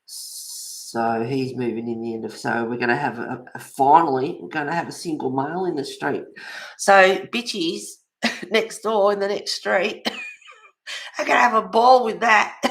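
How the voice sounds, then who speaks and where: A woman's voice: sits low, fairly bright tone. Gossipy woman over fifty. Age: 50s or older. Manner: gossipy storytelling, laughs often. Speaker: livestream host. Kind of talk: casual chat while colouring.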